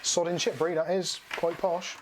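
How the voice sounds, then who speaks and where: A man's voice: on the high side, flat delivery, moderate pace, background noise. A man, hosting a casual livestream while building a computer. He talks frankly, in a chatty way, and laughs often. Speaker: streamer building a PC.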